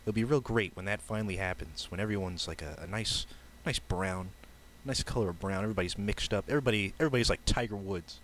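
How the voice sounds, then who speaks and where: A man putting on the voice of a brash, foul-mouthed joke teller who rambles on earnestly, pitched lower and quieter than his own voice. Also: quick pace, a little hiss or hum, natural voice, low-quality recording. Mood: rambling. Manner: crude, rambling, earnest then blunt. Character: brash foul-mouthed middle-aged man telling jokes.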